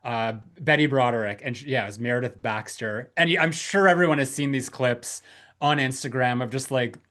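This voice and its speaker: A man in casual podcast chat, rambling and pausing to search for words. His voice sits at an ordinary middle pitch. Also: fairly bright tone. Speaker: podcast co-host.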